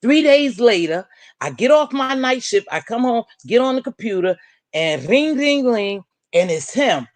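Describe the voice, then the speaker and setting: A woman's voice: fairly high pitch, big pitch swings, normal speed, no echo. A woman, hosting a casual chat and telling a story while acting out each person's lines. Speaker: vlog host.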